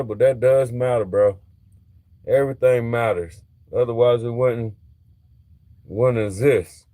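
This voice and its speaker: On this truck-repair livestream, the middle-aged host chats casually with viewers, speaking straight to them in slang. He has a warm, mid-range voice, recorded without echo.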